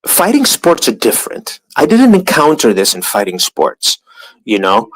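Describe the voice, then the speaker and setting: Streamer man, lively up-and-down delivery, profane rant with mocking impressions. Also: medium pitch, normal speed, poor audio. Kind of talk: ranting live-stream monologue.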